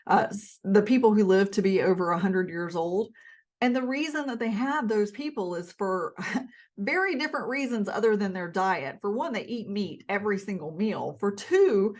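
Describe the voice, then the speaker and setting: A woman's voice: medium pitch, animated, moderate pace, a little mellow. A middle-aged woman with a Southern accent, chatting to camera in an emphatic, repetitive way about food. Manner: chatty, emphatic, with restarts and repeats. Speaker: health vlogger. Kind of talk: casual talk to camera.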